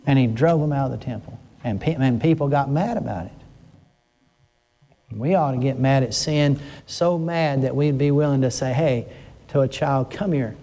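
An older man preaching a conversational sermon, earnest and emphatic, slowing down to stress his words. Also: mid-range voice, warm tone.

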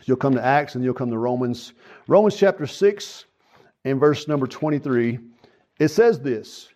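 A man's voice: a little high, lively intonation, moderate pace, mellow. A man preaching a sermon in church, earnest and folksy, repeating key phrases and stopping to say "uh" and "so.". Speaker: pastor.

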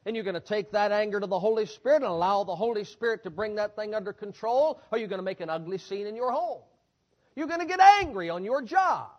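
A man preaching with a high, emphatic voice, hammering his points home in repeated phrases. The recording sounds a little dull and lo-fi. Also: animated, fast. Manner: emphatic, repetitive preaching cadence. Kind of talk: sermon.

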